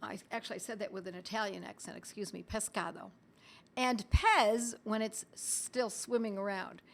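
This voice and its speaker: A middle-aged woman teaching on a live stream in a chatty way, talking straight to her viewers and reading their comments aloud, with the odd cough and throat clearing. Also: mid-range voice, normal speed. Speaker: homeopathy educator hosting a live stream.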